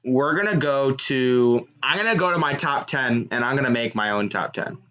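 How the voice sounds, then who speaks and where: Excitable young man reacting to football. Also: mid-range voice, moderate pace, dull audio. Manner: excitable, shouts at big plays. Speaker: sports streamer. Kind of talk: live reaction commentary.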